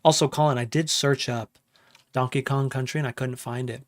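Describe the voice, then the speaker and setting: A man's voice: medium pitch, fairly even intonation, a little fast. A man explaining his music session in a casual live-stream walkthrough, greeting chat and humming parts aloud in a home studio. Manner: talks while working, hums riffs aloud, greets chat.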